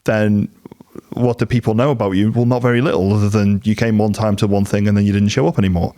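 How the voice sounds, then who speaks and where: Low-voiced male podcast host. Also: level tone, fast, mellow. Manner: chatty, acts out other people's lines in quoted voices. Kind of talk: casual business interview chat.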